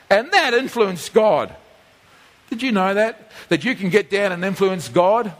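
A man preaching a sermon, animated, acting out voices as he tells the story. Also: high-pitched, unhurried, big-room sound. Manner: animated, acts out quoted voices like a whining child. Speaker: pastor.

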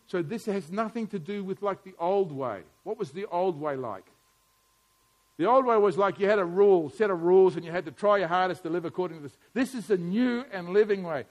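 Casting note: middle-aged male preacher, higher voice, sermon that swings from soft asides to forceful emphasis. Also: fairly quick. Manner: swings from quiet musing to loud, emphatic preaching.

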